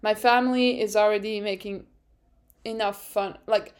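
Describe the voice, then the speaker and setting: A young woman whose first language is French, hosting a casual solo chat, excitable and laughing often as she rambles. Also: medium pitch, moderate pace. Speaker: podcast host.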